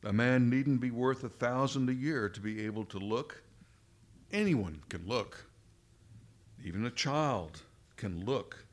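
A man preaching a sermon in an emphatic, deliberate way, leaning on repeated phrases. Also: mid-range voice.

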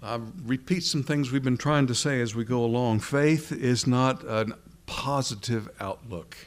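A middle-aged man delivers a sermon in a mid-pitched voice. He reads scripture aloud and puts questions to his listeners. He slows right down to stress key phrases. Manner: deliberate, asks the congregation questions, slows down for emphasis. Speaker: preacher.

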